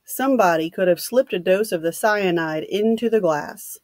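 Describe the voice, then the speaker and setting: A woman's voice: medium pitch, normal speed, darkish tone, dry recording, lightly acted. A woman reading the lines of a cool, dry-spoken man in a matter-of-fact way.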